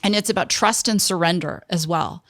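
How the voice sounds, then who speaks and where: Low, gravelly-voiced woman telling a story. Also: normal speed, dry recording, clean studio sound. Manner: animated storyteller, acts out quoted people. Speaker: guest, entrepreneur. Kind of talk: storytelling in an interview.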